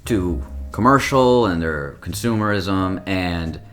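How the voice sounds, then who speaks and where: Deep-voiced man sharing film opinions. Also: expressive, slow pace, fairly bright tone, soft background music. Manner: opinionated, analytical, long reasoned turns. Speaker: podcast co-host. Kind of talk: casual chat.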